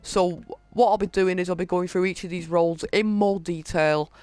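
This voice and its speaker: A man hosting a gaming video, casually reading through a list of in-game items with many halting fillers. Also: high-pitched, steady tone, darkish tone, clear, resonant tone, no room sound. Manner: reads off item lists, halting with frequent fillers. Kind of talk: casual game walkthrough commentary.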